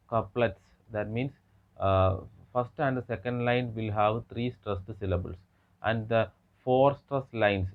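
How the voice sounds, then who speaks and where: Male lecturer with a lowish voice, halting delivery full of pauses and restarts, tinny phone-quality sound. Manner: halting, frequent hesitations and restarts. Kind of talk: academic lecture.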